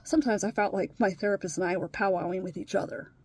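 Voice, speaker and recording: A woman, deeply upset, tells a personal story in a candid, blunt way. Her voice is mellow and husky, with a breathy edge. She curses freely and often sinks into a near whisper. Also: fairly even intonation, quick pace, no echo. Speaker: vlogger sharing her life with trauma.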